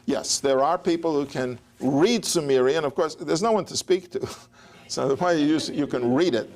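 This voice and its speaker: A man gives a history lecture. His voice is gravelly and sits a little high, and he wanders into anecdotes with frequent restarts. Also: moderate pace, darkish tone. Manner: digressive, anecdotal, with chuckles and restarts. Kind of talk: academic lecture.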